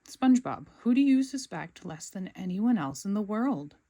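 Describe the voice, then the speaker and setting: A woman's voice: mid-range voice, very animated, moderate pace, dark tone. A woman voicing a dim-witted, friendly male starfish in a storybook read-aloud, dopey and enthusiastic.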